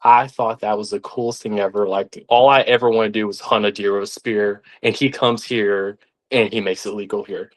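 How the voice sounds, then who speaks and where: A young man, telling stories as a podcast guest in an animated way, sometimes acting out the voices of others. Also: fairly low pitch, normal speed. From Arkansas, United States. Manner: animated, acts out quoted voices. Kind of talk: casual storytelling.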